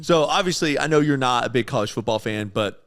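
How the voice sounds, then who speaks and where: Male podcast co-host, easygoing casual talker who fills pauses and agrees a lot. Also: medium pitch, fairly bright tone. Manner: easygoing, lots of fillers and agreement. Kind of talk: casual chat.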